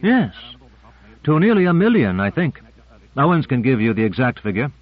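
A man reading the part of a precise, formal male scientist in a measured, matter-of-fact way, in a storybook reading. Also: medium pitch, sing-song. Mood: explaining. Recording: muffled lo-fi recording.

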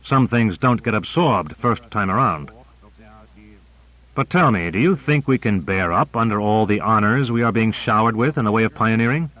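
Man doing a grim wry agent, low and muttered, sardonic, dull lo-fi sound. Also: lively intonation, normal speed. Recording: muffled lo-fi recording.

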